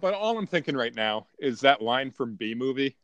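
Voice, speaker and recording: A man's voice: mid-range voice, sing-song, normal speed, a bit bright, dull audio. A man co-hosting a podcast in casual chat, making dry, mock-serious jokes. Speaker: podcast co-host.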